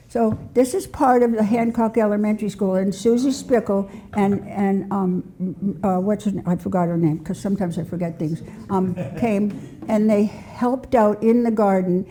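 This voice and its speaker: A woman's voice: mid-range voice, creaky, dark tone, slight background noise. An older woman giving a casual storytelling talk with slides in a civic center. She is chatty, laughs often, and breaks off mid-sentence. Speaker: nonprofit founder giving a talk.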